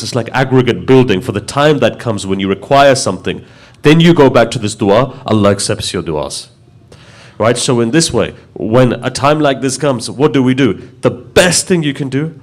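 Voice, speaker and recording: A man's voice: mid-range voice, expressive, normal speed. A man giving a religious sermon, telling stories and rising to impassioned emphasis. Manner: storytelling, building to impassioned emphasis. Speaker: preacher.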